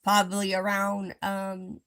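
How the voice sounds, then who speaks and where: A woman hosting a live stream, speaking to her viewers in a gentle, reassuring way. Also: medium pitch, completely flat delivery, slow, clean tone. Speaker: livestream host.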